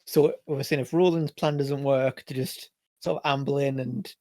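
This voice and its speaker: A man playing a tabletop game, explaining plans with halting starts and restarts. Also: mid-range voice, fairly even intonation, mellow, no echo. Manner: halting, restarts, 'you know'. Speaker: player. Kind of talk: casual tabletop play.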